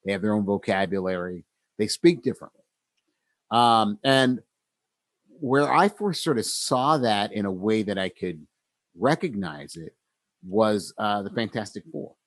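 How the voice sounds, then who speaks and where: A man's voice: lowish voice, animated, measured pace, dry recording. A man co-hosting a casual podcast, talking reflectively with many fillers and restarts. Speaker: podcast co-host.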